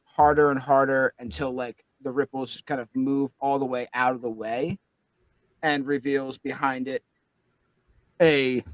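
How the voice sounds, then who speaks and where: A man's voice: mid-range voice, no echo, poor audio. A man narrating a tabletop game as game master, describing scenes loosely with many fillers.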